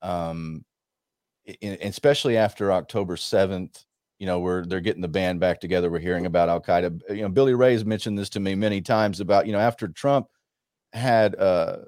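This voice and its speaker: Man in his forties, low voice, dry close sound, halting chatty delivery full of restarts. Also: a little mellow, dry recording. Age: 40s. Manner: halting, with frequent restarts and stumbles. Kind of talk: conversational panel discussion.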